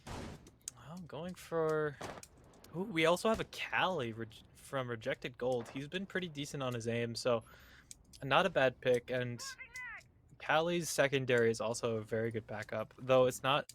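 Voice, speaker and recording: A man doing colour commentary on an esports match, chatty and tired, quick to laugh and apologize. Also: mid-range voice, fairly bright tone, slight background noise. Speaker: esports co-caster.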